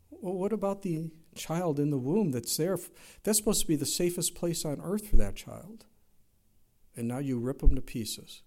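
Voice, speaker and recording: A man's voice: medium pitch, a little mellow. A man preaching a sermon, emphatic, with rhetorical questions and rising exclamations. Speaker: pastor.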